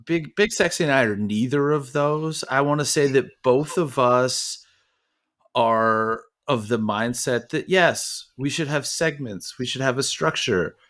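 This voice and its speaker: A man's voice: mid-range voice, unhurried, fairly bright tone. A man co-hosting a podcast, talking casually in long rambling thoughts and swearing now and then. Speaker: podcast co-host.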